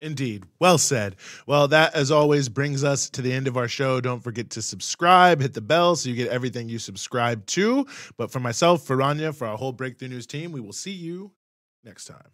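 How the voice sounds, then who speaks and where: A man's voice: medium pitch, brisk, few pauses, a bit bright, dry recording, studio quality. A man co-hosting a political talk show, speaking bluntly and dismissively, with frequent uh fillers. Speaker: co-host. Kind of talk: casual political commentary.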